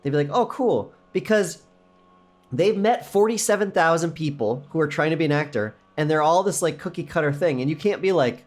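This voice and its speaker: A middle-aged man co-hosting a podcast, chatting casually and telling stories with quick asides and laughs. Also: a little high. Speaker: podcast co-host. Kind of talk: casual chat.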